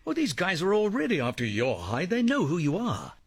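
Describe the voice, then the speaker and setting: A man's voice: high voice, wildly swooping pitch, fairly quick, breathy edge, no echo, studio quality, heavily acted. An actor playing a commanding male ringleader who lays out a plan in clipped, bossy, formal phrasing. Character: commanding male ringleader planning a sting, dry, precise.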